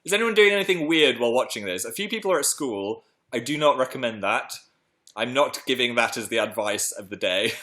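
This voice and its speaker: A man's voice: lively intonation, a little fast, sharp tone. A young man hosting a casual livestream from home, chatting playfully and reading comments aloud. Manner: chatty, playful, jumps into high silly voices. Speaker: livestream host.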